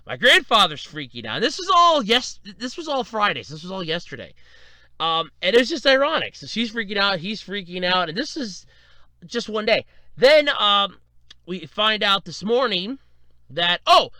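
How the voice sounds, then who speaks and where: A man's voice: high voice, no room sound. A man hosting his own podcast, rambling through casual stories about his week and acting out what people said. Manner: rambling storyteller, animated retellings with laughs. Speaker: podcast host. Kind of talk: casual solo podcast monologue.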